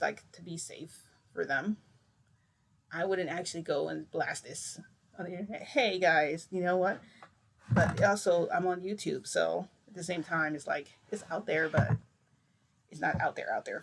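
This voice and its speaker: A woman's voice: on the low side, gravelly, slight background noise. Chatty woman rambling through a story. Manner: rambling, chatty, full of filler "like"s. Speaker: vlogger. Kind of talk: casual storytelling to camera.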